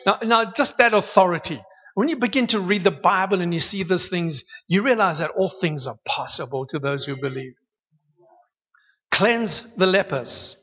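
A man preaching a sermon in a church hall, telling stories with lively humor. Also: high-pitched, brisk, breathy edge. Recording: dull echoey hall recording.

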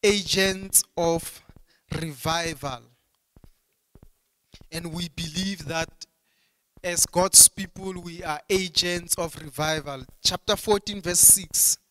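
A pastor preaching a sermon at a church service, emphatic and full of repeated restarts. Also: male voice, sits high, steady tone, unhurried, pushed and bright. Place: church hall during a service. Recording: long hall reverb.

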